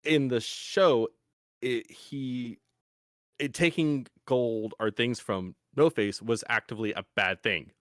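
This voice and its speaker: A man's voice: mid-range voice, takes it slowly, fairly bright tone, dry recording, clean studio sound. A young man hosting a podcast, explaining in a casual, rambling way with frequent restarts. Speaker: podcast host.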